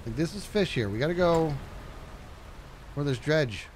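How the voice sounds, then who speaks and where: In an unhurried voice with a faint hiss or hum behind it, a man streams a fishing game and keeps up a lively, chatty commentary. He reads chat and lets out high, panicky yelps when things go badly.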